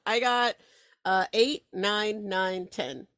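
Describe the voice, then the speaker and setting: A woman's voice: medium pitch, fairly even intonation, drawn-out words, fairly bright tone, no room sound, studio quality. A woman playing a tabletop game, talking hesitantly with lots of ums and likes, and giggling now and then. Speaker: player. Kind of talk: casual tabletop game play.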